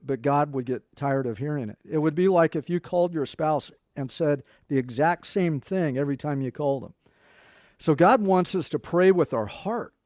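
Middle-aged guy pastor preaching, chatty, higher voice, dry sound. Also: darkish tone, no room sound. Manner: conversational preaching, quoting scripture. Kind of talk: sermon.

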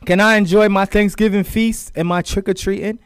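A man's voice: high-pitched, steady tone, brisk, clean tone, no room sound, studio quality. A man co-hosting a podcast, ranting in casual chat and swearing a lot. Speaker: podcast co-host.

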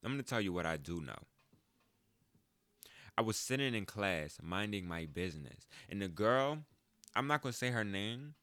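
A man in his twenties hosting a podcast, telling a story in a casual, profane, animated way and jumping into high mocking voices. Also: normal speed, long pauses, no room sound. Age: 20s. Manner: animated, profane, jumps into high mock voices when quoting. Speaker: podcast host. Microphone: close podcast mic.

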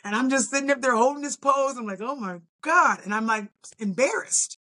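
A middle-aged female bodybuilder, guesting on a podcast, tells her story with a high voice and a fairly quick pace. Her delivery is casual and animated, and she acts out how she reacted.

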